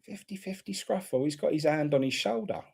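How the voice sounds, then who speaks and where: A man's voice: on the high side, expressive, brisk, gravelly, a little mellow, husky. A man hosting a live football watchalong, chatting casually and reacting bluntly to the play.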